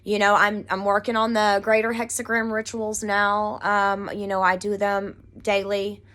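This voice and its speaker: A woman's voice: medium pitch, level tone, measured pace, fairly bright tone. A woman from Texas, talking casually to camera from her living room, rambling earnestly with many fillers. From Pasadena, Texas, USA. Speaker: occult vlogger. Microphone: camera mic.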